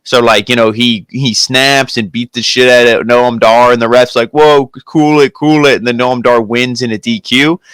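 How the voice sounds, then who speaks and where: A man's voice: medium pitch, moderate pace, few pauses, clean tone, dry recording. A man co-hosting a casual wrestling review podcast, retelling segments and acting out what was said. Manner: animated retelling, acts out quotes. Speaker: wrestling show co-host.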